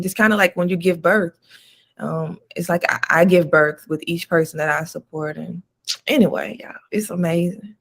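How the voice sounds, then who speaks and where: A woman doula chatting casually on a talk show, telling stories in a slangy, spiritual way. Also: on the low side. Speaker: doula and podcast co-host. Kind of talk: casual chat.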